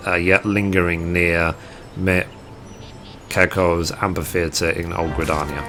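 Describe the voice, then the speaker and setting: A kindly festive celebrant with gentle, polite words, read aloud by a man in his own voice. The delivery is plain and very deep, with faint music behind it. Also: level tone, a little slow, exaggerated voice.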